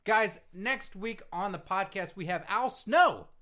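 Guy cohosting a podcast, jokey riffing, kinda high voice, bounces around a lot. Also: lively intonation, a little slow, sharp tone. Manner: playful, riffing, mock-announcer bits. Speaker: podcast co-host. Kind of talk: casual comedic chat.

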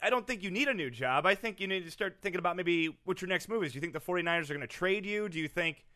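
A man's voice: sits high, expressive, very fast, bright, forceful tone. A man hosting a sports comedy show, steering the conversation in a matter-of-fact way. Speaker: host. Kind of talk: sports radio comedy chat.

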